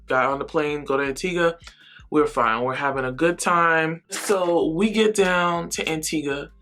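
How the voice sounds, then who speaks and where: A woman in her thirties chatting through a casual storytime while getting ready, heavy on "like" and "um", jumping her voice up high to act out what people said. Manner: chatty, animated, acts out quoted voices with big pitch jumps; filler-heavy, lots of "like" and "um". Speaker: beauty vlogger.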